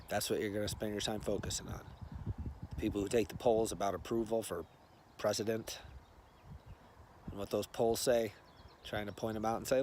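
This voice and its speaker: A man's voice: on the low side, level tone, normal speed, long pauses, a little mellow, a little hiss or hum. A man vlogging in a casual, rambling monologue on a ride-along, playful and sometimes dropping to near-whispers.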